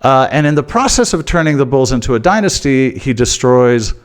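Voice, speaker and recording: A man's voice: medium pitch, animated, fairly quick. A man with an American accent hosting his football channel, talking straight to his viewers in an emphatic, repetitive way with many "uh"s and "okay"s. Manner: emphatic, repeats points, frequent "uh" and "okay". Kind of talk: casual opinion monologue to camera.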